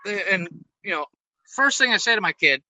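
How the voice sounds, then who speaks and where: A middle-aged man talking casually, laid-back and quick to laugh, with easy swearing. His voice sits high and sounds very bright and forward. The recording is dry and close. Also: animated, no echo, rough recording. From United States. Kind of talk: casual chat.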